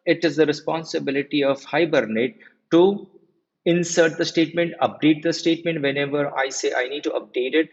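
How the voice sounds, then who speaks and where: A man in his forties teaches a live technical class, pausing to repeat key points and quiz his students. His voice is a bit husky and sits at an ordinary middle pitch. The recording is muffled and lo-fi. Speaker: software trainer. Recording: muffled lo-fi audio.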